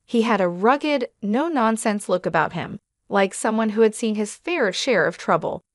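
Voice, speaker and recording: A woman reading a scripted first-person drama as narrator, in a steady, even way. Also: mid-range voice, normal speed, no echo, studio quality.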